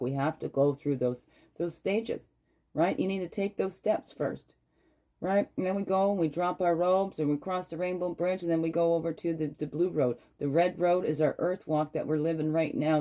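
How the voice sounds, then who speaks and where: Woman host, low voice, gushing and encouraging spiritual talk, keeps asking "right?". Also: steady tone, normal speed, warm tone. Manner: affirming, tags phrases with "right?"; gushing, affectionate to viewers. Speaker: spiritual card reader and host. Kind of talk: casual inspirational talk.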